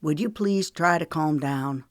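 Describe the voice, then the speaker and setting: A woman voicing a steady young man in an audiobook, speaking in a measured, firm tone. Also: deep voice, no room sound, studio quality.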